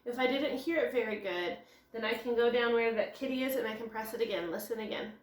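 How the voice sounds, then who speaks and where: A woman's voice: fairly high pitch, fast talker. A woman teacher giving a recorded phonics lesson, explaining step by step and answering her own questions. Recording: echoey room.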